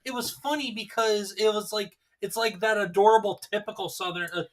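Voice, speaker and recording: A man's voice: high-pitched, a little fast. A man hosting a casual livestream, reading chat messages aloud and teasing with frequent laughter. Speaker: host.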